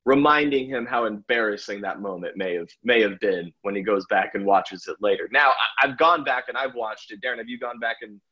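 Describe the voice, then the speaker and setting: Husky man in a muffled sports chat. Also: fairly low pitch. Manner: chuckles often, halting with fillers. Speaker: podcast co-host, pitchside reporter.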